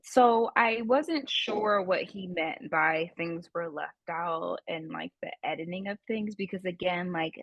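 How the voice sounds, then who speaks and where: A woman's voice: on the low side, unhurried, few pauses, fairly bright tone, dry recording, muffled recording. A woman co-hosting a podcast, talking casually and questioning, with many fillers. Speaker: podcast co-host.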